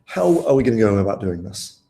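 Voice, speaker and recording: A man's voice: on the low side, sing-song, a little fast, creaky, mellow, roomy sound. A young man tutoring students through an exam paper in a casual, chatty way, asking them questions as he goes. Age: young adult. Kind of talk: live online tutoring session.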